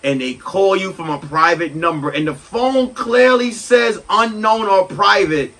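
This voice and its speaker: A man in his thirties hosting a solo comedy podcast, ranting loudly and animatedly and breaking into shouts. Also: high-pitched, measured pace, recorded from a distance, poor audio. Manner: loud, animated, swings into shouting. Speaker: podcast host.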